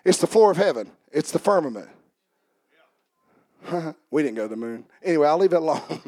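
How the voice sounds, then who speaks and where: A man preaching a sermon as pastor, swinging from quiet joking asides to shouted preaching and calling out to the congregation. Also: on the high side, lively intonation, brisk, no echo. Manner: talks back and forth with the congregation. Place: church service.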